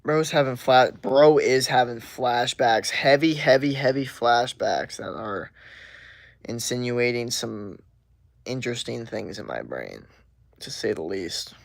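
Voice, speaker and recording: Gravelly young guy rambling on stream. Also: medium pitch, animated, measured pace, dry recording. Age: 20s. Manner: rambling, lots of "like" and "bro" filler. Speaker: livestream host. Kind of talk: casual stream chat.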